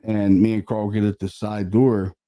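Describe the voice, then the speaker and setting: Man, paranormal investigator, deep dark voice, casual storytelling, animated. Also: normal speed. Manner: animated, conversational, swears casually, many fillers.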